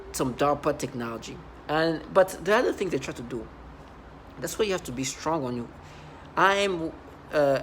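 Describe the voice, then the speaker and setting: Agitated, rambling monologue voice. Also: slight background noise. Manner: agitated and intense, with frequent restarts and quoted asides; swings between loud outbursts and low muttering. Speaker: vlogger.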